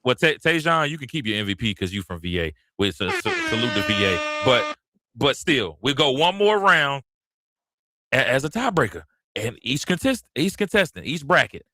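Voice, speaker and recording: A man's voice: mid-range voice, very animated, moderate pace, sharp tone. A man hosting a casual podcast, good-humored, stammering and restarting as he talks. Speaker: podcast host.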